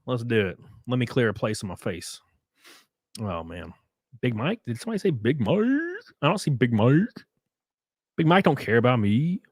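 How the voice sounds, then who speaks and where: Male streamer, mid-pitched, casual and crude, gushing thanks to chat, dry room. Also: animated, normal speed, darkish tone, slightly rough, no echo. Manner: loose and profane, effusively thanking viewers. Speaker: streamer and race car driver. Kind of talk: casual livestream chat reading viewer comments.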